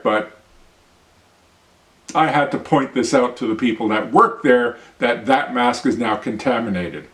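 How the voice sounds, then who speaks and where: Host, blunt and swearing, mid-pitch, set back from the mic in a roomy space. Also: male voice. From Canada. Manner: blunt, ranting, profane. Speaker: show host. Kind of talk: opinion vlog monologue and demonstration. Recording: roomy sound, mic at a distance.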